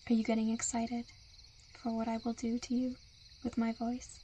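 A woman in a whispered role-play, with a soft, soothing and coaxing hypnotic murmur. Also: on the high side, completely flat delivery, normal speed, slight background noise. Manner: seductive, coaxing.

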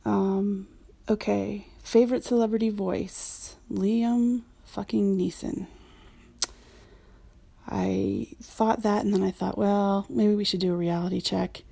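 A woman's voice: medium pitch, steady tone, slow pace, vocal fry, warm tone, breathy edge, dry recording. A woman chatting frankly through a personal questionnaire, with frequent ums and laughs, recorded close on a home microphone. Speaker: community member answering a questionnaire. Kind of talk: casual spoken questionnaire.

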